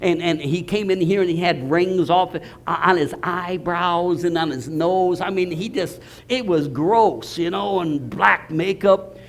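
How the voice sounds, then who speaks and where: An older man preaching, telling a story with loud exclaims and low murmurs. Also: measured pace, slight background noise. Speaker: pastor. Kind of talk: storytelling sermon.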